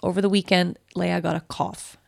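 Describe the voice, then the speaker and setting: A woman in her thirties talks through her fears on her own podcast, with a heavily gravelly, low-pitched voice. She rambles candidly, near tears, and the recording is very dry and close. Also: little pitch movement, moderate pace, no echo. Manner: candid, emotional, rambling with many fillers. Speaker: podcast host. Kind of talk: personal podcast monologue.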